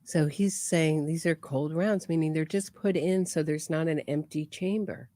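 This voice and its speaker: A woman's voice: low voice, normal speed, warm tone. A woman commentating on trial footage in a chatty way, often restarting and trailing off mid-thought. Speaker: true crime commentator.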